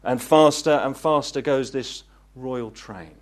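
A man preaching a gospel sermon, earnest and pleading, rising to fervent peaks and then dropping low. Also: slow. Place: meeting hall.

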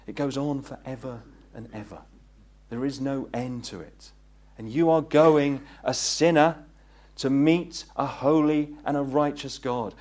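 A man preaching a gospel sermon, earnest and pleading, rising to fervent peaks and then dropping low. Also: a little mellow. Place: meeting hall.

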